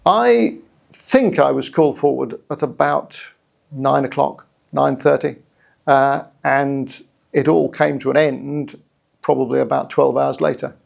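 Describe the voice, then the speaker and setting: Gravelly British man recounting an ordeal. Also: medium pitch, darkish tone. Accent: British English. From England. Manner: measured, reflective, with hesitant restarts. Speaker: guest storyteller. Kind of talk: personal story told to camera.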